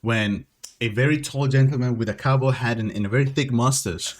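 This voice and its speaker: A man's voice: mid-range voice, a little fast. A man whose first language is not English, co-hosting a podcast in casual chat and speaking hesitantly with repeated words. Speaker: podcast co-host.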